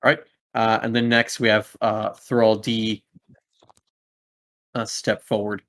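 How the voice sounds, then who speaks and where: A man's voice: fairly low pitch, level tone, slow, a bit bright. A young man running a tabletop game as game master, rambling with many fillers and laughing at his own slips.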